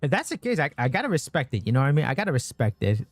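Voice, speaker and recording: A man streaming a game, chatting casually with his viewers, swearing constantly and getting excited over his pulls. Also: mid-range voice, rapid-fire, no echo. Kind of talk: casual gaming stream chat.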